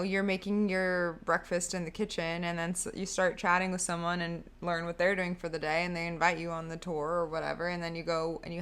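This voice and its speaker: A woman's voice: lowish voice, fairly bright tone. A woman co-hosting a podcast, talking casually with frequent "like" fillers and restarts. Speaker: podcast co-host. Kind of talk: casual chat.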